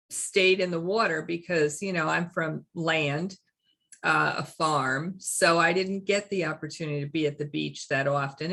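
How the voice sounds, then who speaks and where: Slow, gravelly-voiced woman telling a story. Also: sits low, a bit bright. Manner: slow, earnest, reflective storytelling. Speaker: spiritual workshop host. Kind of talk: personal storytelling to a workshop group.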